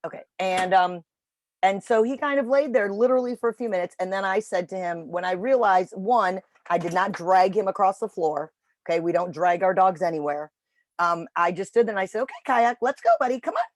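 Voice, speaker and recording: A woman telling a dog-training story in casual chat on a video call, animated when quoting. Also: medium pitch, a little fast, a little hiss or hum. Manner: chatty storytelling, animated voices for quotes. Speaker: puppy raiser trainer.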